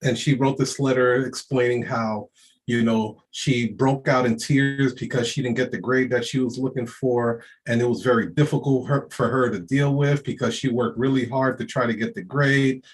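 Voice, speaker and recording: A man's voice: mid-range voice, steady tone, normal speed. A man giving an unscripted motivational rant, streetwise, profane and emphatic, often laughing. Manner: streetwise slang. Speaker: motivational speaker.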